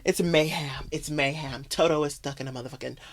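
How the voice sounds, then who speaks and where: A sassy podcast host tears through a throwback movie recap, roasting the characters with crude jokes and frequent laughter. The delivery is loose and conversational, pitched at a middle register. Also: steady tone, fairly quick. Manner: sassy, profane, mocking, laughs often.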